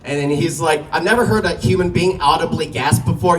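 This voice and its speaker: High-voiced male comic, distant mic. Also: a little fast, a bit bright, slight background noise. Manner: loose storytelling, profane, laughing at own jokes. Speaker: stand-up comic. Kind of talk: stand-up comedy set. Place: small comedy venue.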